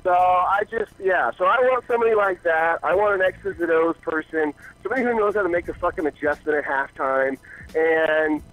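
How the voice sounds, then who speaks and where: A man's voice: fairly high pitch, a little fast, low-quality recording. A man calling in to a fan show, ranting about soccer coaching with heavy swearing and mocking asides. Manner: profane, animated ranting with mocking quoted voices. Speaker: caller. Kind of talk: casual sports rant.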